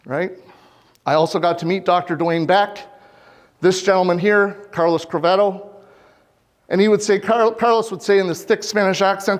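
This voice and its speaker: Speaking at a moderate pace with a steady tone, this earnest Canadian man is a farmer giving a public presentation in a conference hall. He asks the audience questions directly, his fairly high male voice carried by a lapel mic with lingering hall echo.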